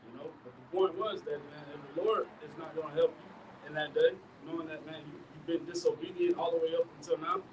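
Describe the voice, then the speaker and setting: A man with a fairly high voice reads scripture aloud haltingly, then preaches in loose, filler-laden phrases. He sounds far from the mic, with faint outdoor noise behind him. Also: steady tone, lo-fi sound.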